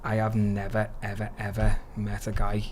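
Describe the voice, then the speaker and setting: A man in his thirties from Liverpool with a Scouse accent, talking as a podcast guest in a blunt, animated way, swearing freely and calling people "lad". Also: fairly low pitch, moderate pace, slight background noise. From Liverpool, England. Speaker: guest, mixed martial arts fighter. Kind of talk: casual podcast chat.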